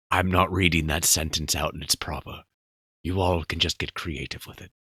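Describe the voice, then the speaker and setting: A man giving a mock-earnest dramatic reading of an internet post in a hushed, breathy voice. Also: low voice, fairly even intonation, moderate pace, no room sound, studio quality. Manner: hushed, breathy devotional delivery. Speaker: YouTuber reading internet posts aloud.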